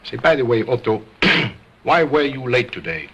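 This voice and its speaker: A man's voice: medium pitch, very animated, normal speed, a bit bright, a little hiss or hum. A man performing as a ventriloquist on stage, speaking as a grand, formal showman. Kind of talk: stage comedy act.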